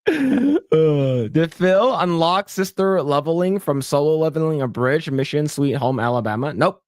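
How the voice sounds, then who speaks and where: Man co-host, slightly high voice, playful, stammers, dry close mic. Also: big pitch swings, takes it slowly, no echo. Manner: jokey, lots of stammered restarts, breaks into mock voices. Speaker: podcast co-host. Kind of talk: casual chat reading comments.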